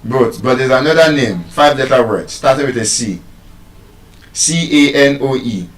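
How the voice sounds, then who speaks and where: A man with a Nigerian accent giving a live talk on pronunciation to an audience, playful and teasing, repeating words slowly to drill them. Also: mid-range voice. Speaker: public speaker teaching pronunciation. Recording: echoey hall, voice from far off.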